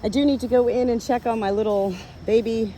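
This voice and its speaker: A woman's voice: fairly high pitch, fairly even intonation, brisk, dark tone, rough recording. Woman, earnest farm vlogger, talks to her animals, walking with phone, faint background noise. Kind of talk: spiritual farm vlog, talking to camera. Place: outdoors on a farm, then indoors with animals.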